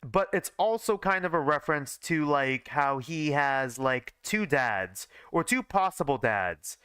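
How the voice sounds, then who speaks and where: A man's voice: a little high, animated, a little slow, a bit bright, clear, resonant tone, dry recording. A man in his early twenties streams a reading of his old fanfiction, rambling and self-mocking with lots of fillers. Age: early 20s. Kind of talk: casual live-stream commentary.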